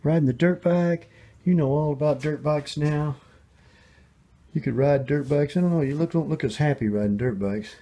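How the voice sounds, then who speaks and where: A man's voice: fairly high pitch, moderate pace, warm tone. An older man filming a casual home video, chatting and coaxing his baby granddaughter as he talks to her.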